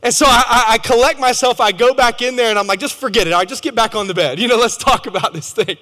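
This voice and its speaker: Pastor in a reverberant chapel. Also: male voice, very high-pitched, fast talker, pushed and bright. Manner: conversational and humorous, addresses audience directly. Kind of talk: storytelling sermon. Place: large chapel. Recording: long hall reverb.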